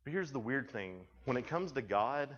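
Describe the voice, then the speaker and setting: A young man working as a youth speaker tells stories to junior high students in a loose, conversational way, often restarting his sentences. He is very animated, speaks at normal speed, and his voice is mid-pitched for a man and a bit bright. The recording is dull and slightly lo-fi, with a long reverb tail.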